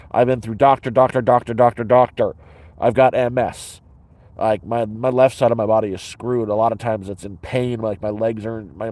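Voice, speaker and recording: A man's voice: medium pitch, warm tone, dry recording. A man vlogging from inside his sleeping bag, telling a story in a blunt, profane, rambling way with many restarts. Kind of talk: casual rambling storytelling to camera.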